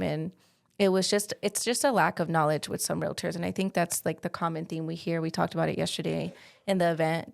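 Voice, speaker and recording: A woman guest with a fairly low voice and a gravelly edge of vocal fry talks casually about her work as a realtor. She tells her stories in a chatty way and leans on "like" as filler. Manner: chatty storytelling with frequent "like" fillers. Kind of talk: casual interview talk.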